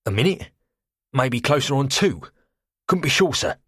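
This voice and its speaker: A man's voice: medium pitch, animated, normal speed, a bit bright, husky, no room sound, clean studio sound, voice pushed up. A man voicing a tall, balding cockney quartermaster who is wary and deferential, clipped and full of sirs, in an audiobook. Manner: clipped, deferential, says sir a lot. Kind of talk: audiobook character voice.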